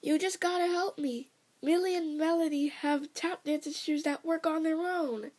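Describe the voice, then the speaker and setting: A woman voicing a worried, sweet young cartoon mouse girl in a fan-made storybook reading, speaking in a high, anxious, pleading way. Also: steady tone, normal speed, darkish tone, lightly acted.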